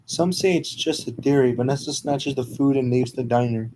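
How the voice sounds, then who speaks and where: A man narrates a homemade fan story at a brisk, casual clip, stumbling and restarting now and then. His voice sits at an average middle pitch. A faint noise runs behind him. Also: warm tone, poor audio. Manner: quick, casual, unpolished reading with stumbles.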